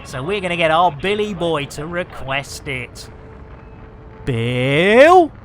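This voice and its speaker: A man hosts a live game stream, rambling along with bawdy, theatrical jokes. His voice is bright, and his pitch swings up and down a lot. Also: animated, moderate pace. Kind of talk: cheeky live-stream chat.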